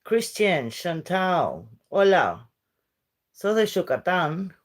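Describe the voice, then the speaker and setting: She's a middle-aged Spanish speaker from Uruguay, casually chatting with her livestream viewers as she rambles and mixes English with Spanish. Her voice is fairly low and very animated, and she takes it slowly.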